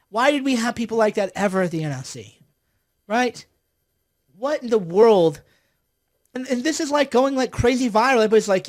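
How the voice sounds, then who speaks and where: A man's voice: sits high, lively intonation, fairly quick. A man hosting a livestream, ranting with sarcasm and exasperation as he mocks his opponents. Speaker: political commentator hosting a livestream.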